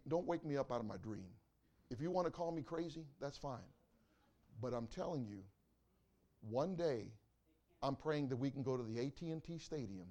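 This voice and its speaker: Emphatic preacher man. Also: medium pitch. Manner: emphatic preaching, swinging from loud exclamations to quiet asides. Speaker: pastor. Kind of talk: sermon.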